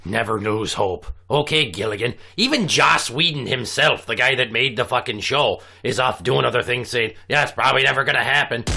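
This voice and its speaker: Salty foul-mouthed sea captain, a guy putting him on, raspy gravel, tense bright tone. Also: medium pitch. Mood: mocking. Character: crude salty male pirate sea captain. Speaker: recurring comedy character. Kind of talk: improvised comedy podcast banter.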